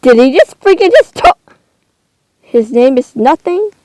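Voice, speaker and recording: High-voiced woman ranting over gameplay. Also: sing-song, measured pace, warm tone, no echo, rough recording. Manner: indignant, exclaiming, rambling. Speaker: gamer. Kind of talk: casual gameplay commentary.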